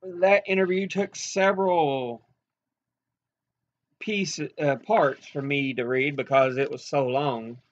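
An older man hosting a podcast, reading an interview aloud in a measured way, with occasional restarts. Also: fairly high pitch, steady tone, lo-fi sound.

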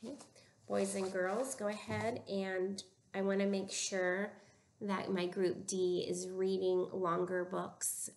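A woman teaching a recorded phonics lesson to young children, giving slow, clear prompts with pauses for them to answer. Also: medium pitch, little pitch movement, darkish tone, a little hiss or hum. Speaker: reading teacher.

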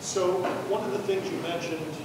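A man putting a measured question to a seminar speaker. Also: sits high, steady tone, reverberant, big-room sound, noisy background. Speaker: seminar moderator asking questions. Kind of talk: audience Q&A question.

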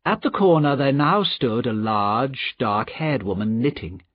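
A man narrating an audiobook in a slow, deliberate storytelling manner, in a dry, slightly dull recording. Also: mid-range voice, expressive, breathy edge, no room sound. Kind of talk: scripted narration.

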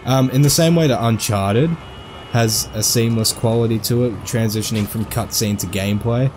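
A man giving casual, jokey let's-play commentary, excitable and full of goofy asides. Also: mid-range voice, normal speed, a little hiss or hum. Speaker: gameplay commentator.

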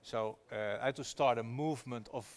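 A man's voice: medium pitch, a little fast. A man from the Netherlands, an activist investor guest who tells his story with earnest energy and frequent restarts. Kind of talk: storytelling conversation at a public talk.

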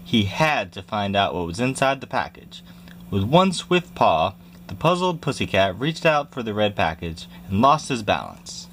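A man reading a children's picture book aloud in a lively storytelling manner, jumping high for squeaky cries. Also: normal speed, a little hiss or hum. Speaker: reader.

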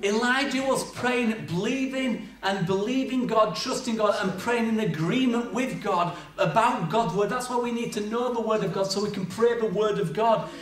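A man's voice: high-pitched, normal speed, hardly any pauses. A man preaching a sermon, telling stories with humor and acting out voices. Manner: lively storytelling with acted-out voices and humor. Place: church hall. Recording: echoey church hall from far off.

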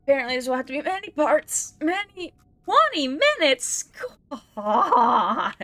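Bright, forceful and sing-song, a high-pitched woman speaks at a measured pace while playing a video game for a let's play. Her commentary is casual and self-mocking, as she talks to herself, laughs, groans, sighs in exasperation and bursts out at the game.

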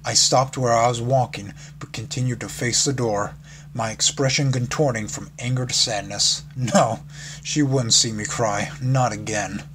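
A man's voice: mid-range voice, steady tone, moderate pace. A man reads a fan fiction story aloud in a casual way, with small slips and restarts. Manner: casual reading with slips and laughs. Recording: background noise.

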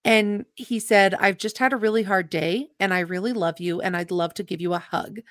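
A woman's voice: medium pitch, normal speed, no room sound, clean studio sound. A young adult woman, a podcast guest, earnestly and emotionally retelling a personal story with quoted dialogue.

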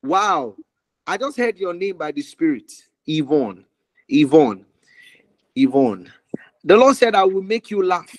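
A man's voice: high voice, big pitch swings, moderate pace, gravelly, no echo, poor audio. A man ministering prophetically over a call, declaring fervently with much repetition and sometimes dropping to a whisper.

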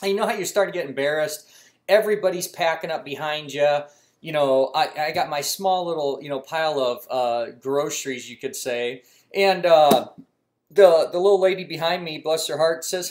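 Telling a funny story from his own life, the host of a mechanics channel speaks casually at normal speed in a fairly high male voice. Fillers and restarts pile up, and he livens up whenever he quotes what he said.

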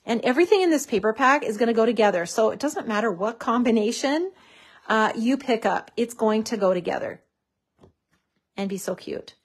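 A woman with a somewhat high voice talks through a craft project in a relaxed, chatty way. She gushes often, calling each piece cute as she glues and folds. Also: moderate pace, breathy edge. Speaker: craft tutorial host. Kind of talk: casual craft demonstration.

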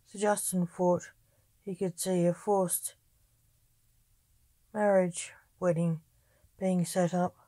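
Slow, calm woman storyteller. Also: fairly low pitch, no echo. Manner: calm, even reading. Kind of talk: storybook narration.

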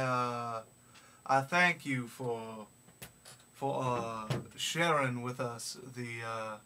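A young man vlogging in a put-on gentlemanly Southern accent, speaking slowly and formally with many hesitant pauses from a small practice room. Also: medium pitch. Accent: put-on gentlemanly American Southern. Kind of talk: casual video diary. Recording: distant mic with faint background noise.

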